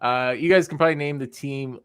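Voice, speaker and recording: A man's voice: mid-range voice, brisk, clear, resonant tone, dry recording. Matter-of-fact man reading out stats. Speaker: podcast stats co-host. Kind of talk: casual sports chat. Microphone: video call.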